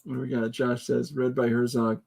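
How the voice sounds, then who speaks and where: A man's voice: mid-range voice, level tone, a little fast, vocal fry, darkish tone, breathy edge. A man hosting a casual livestream podcast, joking, laughing often and reading out viewer comments. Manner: jokey, tries out voices mid-talk. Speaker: podcast host.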